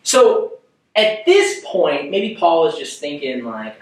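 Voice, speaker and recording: A young man talks preteens through a scripture passage, chatty and full of rhetorical questions. His voice sits a bit high and carries a heavy room echo. He stands back from the mic. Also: very animated, slow pace, recorded from a distance. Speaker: youth worship leader.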